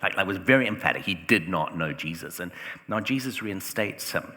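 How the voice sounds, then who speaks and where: A deep-voiced man delivers a sermon with a forceful, bright edge to his speech. He talks conversationally and leans on "like" and rhetorical questions. The sound rings with the long reverb of a church hall. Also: expressive, brisk. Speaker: preacher.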